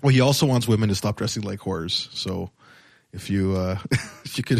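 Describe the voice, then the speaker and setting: A man co-hosting a podcast, telling a story in a rambling, hesitant way with many pauses. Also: fairly low pitch, gravelly, no room sound, clean studio sound. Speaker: podcast co-host. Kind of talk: casual chat.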